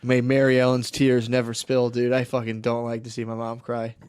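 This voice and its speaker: A man co-hosting a podcast in casual chat, telling animated stories, acting out quotes and swearing freely. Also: mid-range voice, brisk, clear, resonant tone. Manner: animated storyteller who acts out quotes; frequent swearing and "dude". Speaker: podcast co-host.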